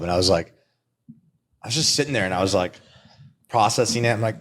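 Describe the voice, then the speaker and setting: A young man spins crude, joking stories in loose podcast chat, laughing as he talks. His voice sits at a middle pitch for a man. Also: very animated, racing. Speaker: podcast guest. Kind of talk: casual storytelling chat.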